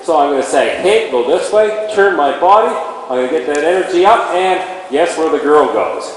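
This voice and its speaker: A man's voice: on the high side, animated, brisk. A man training a horse in an indoor arena, explaining each step and speaking to the horse as he works. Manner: talks to the horse while explaining. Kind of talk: instructional demonstration. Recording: very echoey arena with faint ambient noise.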